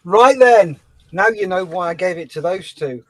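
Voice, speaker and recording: A man co-hosting a live charity auction, brisk and direct. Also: high-pitched, animated, rough recording. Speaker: auctioneer co-host. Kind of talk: casual live-stream chat.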